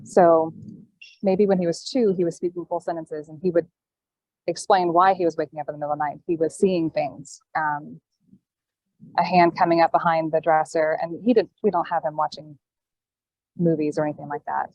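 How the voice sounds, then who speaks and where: A woman guest telling a personal story in casual chat, with halting, thoughtful pauses, calling in from an airport gate over a video call. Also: low-pitched, little pitch movement, a little mellow, no room sound. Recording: dull, dry call audio.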